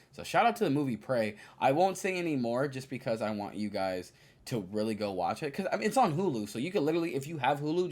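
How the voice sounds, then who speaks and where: Animated young man reviewing movies. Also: lowish voice. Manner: animated, slangy, many fillers and quoted asides. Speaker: podcast host. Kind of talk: casual solo movie review.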